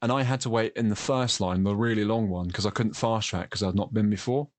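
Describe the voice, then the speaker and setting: A man's voice: lowish voice, a little fast. A man with an English accent, hosting a casual chat and telling long rambling anecdotes with frequent laughs. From England. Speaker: podcast host.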